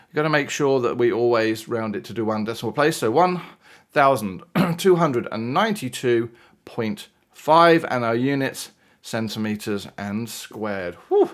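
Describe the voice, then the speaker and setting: A man's voice: mid-range voice, a bit bright. A British man teaching a maths lesson in a chatty, playful way, with exclamations and asides as he works through examples. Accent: British English. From United Kingdom.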